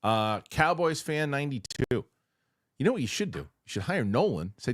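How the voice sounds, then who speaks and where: A man hosting a casual panel chat, reading viewer comments aloud in a chatty, animated way. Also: medium pitch, moderate pace, no echo, studio quality.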